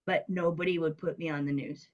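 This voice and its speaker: Middle-aged woman, interview guest, animated anecdote teller, voices other people when she quotes them. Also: low voice, brisk, highs cut off. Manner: lively storyteller who acts out quoted voices. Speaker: guest, business coach. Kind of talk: casual storytelling interview.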